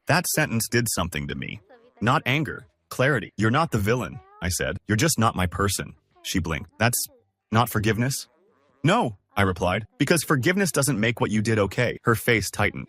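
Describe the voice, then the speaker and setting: A man's voice: on the low side, moderate pace, no room sound. A man narrating first-person relationship stories in a scripted reading style. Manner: steady storytelling, lines read one after another.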